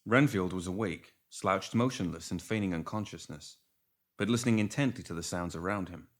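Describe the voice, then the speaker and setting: A man reading a fantasy story aloud as audiobook narrator, with expressive storytelling. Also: deep voice, brisk. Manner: expressive storytelling, lively intonation. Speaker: audiobook reader. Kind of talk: scripted narration.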